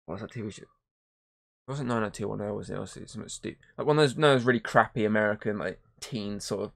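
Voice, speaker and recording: A man's voice: lowish voice, fast, creaky. A man hosting a podcast, chatting casually about movies in a rambling way, swearing often. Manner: rambling, swears a lot, animated retelling. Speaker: podcast host. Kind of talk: casual movie review chat.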